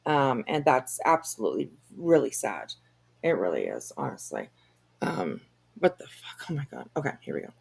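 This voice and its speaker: A woman's voice: very deep voice, huge pitch swings, normal speed, vocal fry, darkish tone, slight background noise. Chatty swearing woman streamer. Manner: chatty, swears casually, lots of fillers. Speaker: commentary stream host. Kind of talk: casual commentary chat.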